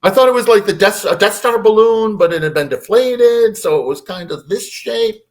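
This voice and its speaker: An older man, a podcast guest, telling a personal story in a casual, animated way. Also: high-pitched, moderate pace. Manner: animated, acts out voices in his anecdotes.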